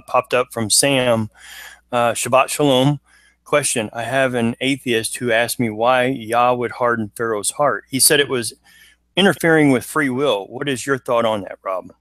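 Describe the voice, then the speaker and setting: A man's voice: mid-range voice, a bit bright, no room sound. A man co-hosting a casual online Bible study, reading viewer questions and thinking aloud with many fillers.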